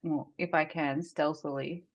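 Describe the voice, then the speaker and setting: A woman at a tabletop game speaks slowly in a lowish voice. She hesitates and thinks aloud as she plans her move. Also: steady tone. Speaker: player.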